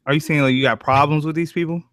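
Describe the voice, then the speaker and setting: A man's voice: on the high side, fairly even intonation, quick pace, fairly bright tone, no echo. A man hosting a live stream, talking in a laid-back, slangy way and laughing often over online voice chat. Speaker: stream host.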